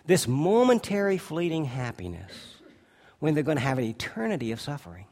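Emphatic male preacher with dramatic dynamics. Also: gravelly. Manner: swings from loud emphatic passages to quiet, low asides; stretches key words slowly for emphasis. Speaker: pastor. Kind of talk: sermon.

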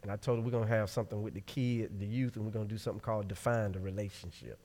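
A man preaching a sermon, reading Scripture aloud and breaking off to explain it, shifting from loud exclamations to quiet asides. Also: on the low side, fairly even intonation, racing. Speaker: pastor. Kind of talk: sermon Bible teaching.

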